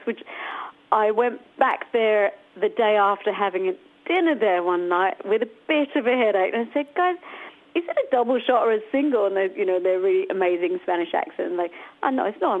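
A woman's voice: medium pitch, lively intonation, brisk. A woman from Australia, a singer guest, chatting and laughing through stories on a radio interview. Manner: giggly, chatty storyteller with lots of fillers. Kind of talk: casual radio interview chat. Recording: tinny phone-like line.

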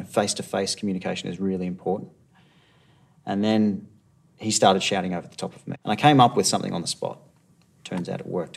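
An Australian man, a police negotiator, calmly reflecting on his work in a documentary interview. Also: low-pitched, vocal fry, slightly rough.

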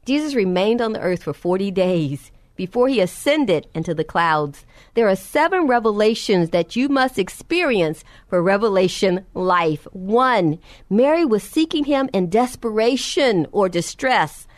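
A woman's voice: animated, unhurried, no room sound. A woman preacher delivering a sermon, retelling scripture with impassioned emphasis, her voice climbing at key points. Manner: impassioned, rising in pitch at emphasis.

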